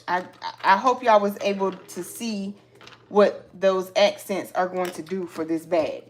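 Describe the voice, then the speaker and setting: A woman hosting a casual live sewing tutorial, chatting to her viewers as she cuts vinyl pieces, with features and frequent excited exclamations. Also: mid-range voice, unhurried.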